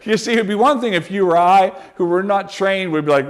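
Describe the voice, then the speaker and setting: A pastor preaching a sermon with personal stories, swinging between loud urgency and hushed, quiet moments. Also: male voice, high voice, lively intonation, fairly quick, hardly any pauses.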